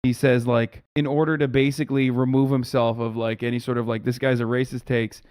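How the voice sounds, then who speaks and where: A man's voice: mid-range voice, flat delivery, a little fast, a little mellow, clear, resonant tone, dry recording, clean studio sound. A man in his thirties streaming live, giving casual, profane, wisecracking reaction commentary.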